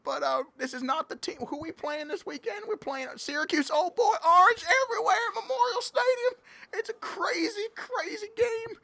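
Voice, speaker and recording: A woman's voice: very high-pitched, normal speed, gravelly, bright, forceful tone, full character voice. A woman doing a hyper cattle-rancher superfan. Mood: cheering. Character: excitable Southern cattle-rancher Clemson superfan. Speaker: guest commentator. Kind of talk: comedic sports commentary.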